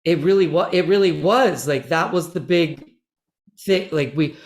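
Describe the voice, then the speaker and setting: A man's voice: a little high, a little slow. A middle-aged man chatting as a guest in a podcast interview, meandering and self-deprecating. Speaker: guest actor. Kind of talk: casual interview chat.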